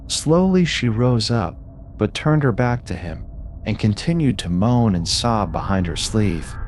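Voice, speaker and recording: Low-voiced man reading ghost stories. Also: animated, unhurried, darkish tone, slight background noise. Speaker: narrator. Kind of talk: storytelling for sleep.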